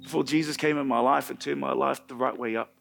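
A middle-aged man preaching a sermon in church, telling a personal story with animated swings from loud to hushed. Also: mid-range voice, fast, creaky, soft background music. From New Zealand.

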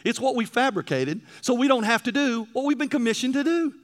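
A male preacher delivering a sermon, telling stories and swinging between loud emphasis and hushed passages. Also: very high-pitched, lively intonation, brisk.

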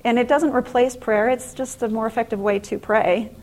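A middle-aged woman speaking to an audience in an inspirational faith-based talk, telling stories in an earnest, animated way. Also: a little high, moderate pace, low-quality recording.

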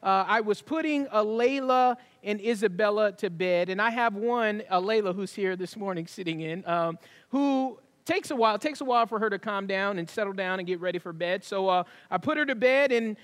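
A man with a very high voice delivers a sermon to his congregation. He preaches in an easy, conversational way, mixing asides with scripture. His voice rings out into the long reverb of a church hall. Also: moderate pace, fairly bright tone. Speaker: pastor. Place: church sanctuary.

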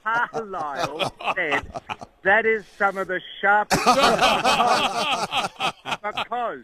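A man's voice: sits high, slow pace, sharp tone, poor audio. A man on a comic radio chat, rambling through a long mock-grand story as a guest commentator.

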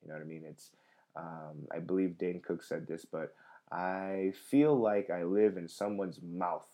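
A comedian with a low, mellow voice hosts a livestream podcast, chatting loosely and a little slowly while reading viewer comments. His talk rambles, with many fillers and restarts.

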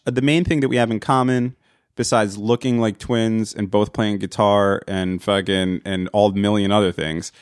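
A man's voice: on the low side, dry recording, studio quality. A man, casually telling a comedic story as a podcast co-host, profane and exasperated.

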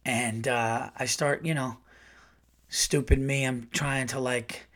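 A middle-aged man hosts his podcast and tells a long story in a loose, casual way. He rambles, swears freely and gets animated as he goes. His voice sits at an ordinary pitch for a man. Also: slow. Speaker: podcast host.

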